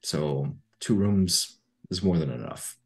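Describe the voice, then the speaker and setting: Figure: innkeeper woman, done by a man. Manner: slow and curious. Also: very deep voice, darkish tone. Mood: matter-of-fact. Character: curious small-town innkeeper woman, hushed and wary. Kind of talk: tabletop role-play voicing.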